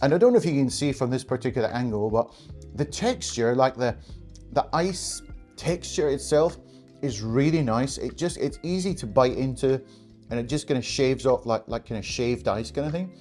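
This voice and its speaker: A man's voice: medium pitch, lively intonation, normal speed, darkish tone, soft background music. A man with an everyday mid-range voice, talking through a snack taste test in a loose, enthusiastic way. He chuckles often and keeps the chat light and friendly. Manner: enthusiastic, chatty, laughs often. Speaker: food vlogger. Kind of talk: casual taste-test review.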